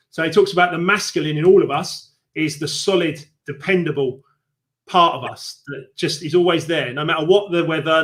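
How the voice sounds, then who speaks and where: Man, slightly high voice, live stream host, casual chat, animated, explains with analogies. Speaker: host of a live book club show.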